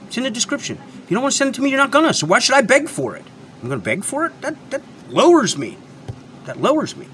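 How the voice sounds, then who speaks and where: A man's voice: very high voice, huge pitch swings, fast, a bit bright, slight background noise. A man hosting his own channel, lecturing his viewers in an unscripted rant. He is emphatic and repeats himself, and he swears freely. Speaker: channel host and product reviewer. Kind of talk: unscripted ranting monologue.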